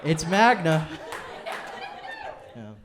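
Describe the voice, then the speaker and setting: A young man from Utah performing a stand-up comedy set on a club stage with a handheld mic. He is chatty and self-deprecating, and he slips into quick impressions of his family. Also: fairly high pitch, sing-song, crowd noise, background noise. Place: comedy club stage before a laughing audience.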